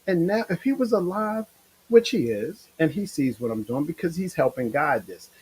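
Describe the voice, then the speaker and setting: A middle-aged man hosting his own livestream show, talking in a rambling, emotional, animated way. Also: fairly high pitch, normal speed, breathy edge, rough recording. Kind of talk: casual livestream monologue.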